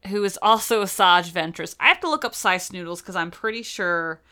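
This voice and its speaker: A woman's voice: on the low side, lively intonation, fairly quick, sharp tone. A woman co-hosting a casual podcast, chatting and reading off a cast list. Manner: chatty, reads cast lists, bursts into silly voices. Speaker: podcast co-host. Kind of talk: casual chat.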